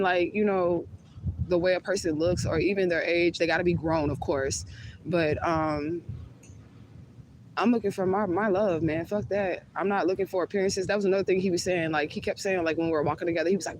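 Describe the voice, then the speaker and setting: A woman's voice: lowish voice, steady tone, brisk, a little mellow, slight background noise, poor audio. A woman vlogger telling a personal story to her viewers in a candid, chatty way, swearing freely. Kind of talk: casual storytime vlog.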